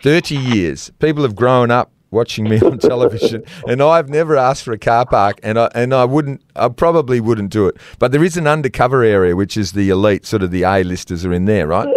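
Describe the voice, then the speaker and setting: A man's voice: mid-range voice, a little fast, few pauses, no echo, studio quality. An Australian man in his fifties co-hosting a football podcast, rambling through stories and chuckling often. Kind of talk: casual sports chat.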